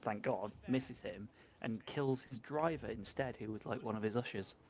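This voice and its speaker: A man's voice: fairly low pitch, normal speed, darkish tone. A man telling sweary, rambling anecdotes to friends in a casual game voice chat. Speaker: player in voice chat. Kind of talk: casual storytelling.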